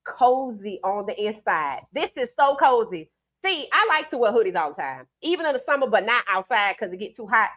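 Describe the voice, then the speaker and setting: A woman's voice: a little high, brisk, lo-fi sound. Emphatic New Orleans woman streamer. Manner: emphatic, animated, reads out viewer comments. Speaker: live-stream host. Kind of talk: casual live-stream commentary.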